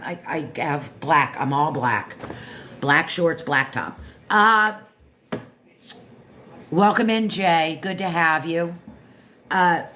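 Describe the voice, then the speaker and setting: With a lowish, somewhat bright voice and slight background noise, a woman in her fifties reviews a book on a livestream. Her talk is loose and chatty, drifting into asides and frequent self-corrections.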